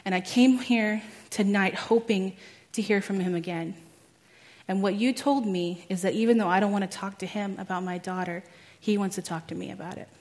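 A young woman shares a testimony at a church teaching. She talks casually, fills her sentences with "like" and laughs at herself, in a voice of ordinary pitch for a woman. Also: fairly even intonation, moderate pace, a little mellow. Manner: chatty, many "like"s, laughs at herself. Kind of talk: personal testimony talk.

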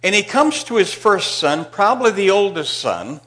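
A male pastor preaching a sermon in a church, telling a Bible story and swinging from loud emphasis to hushed asides. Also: high-pitched, expressive, measured pace.

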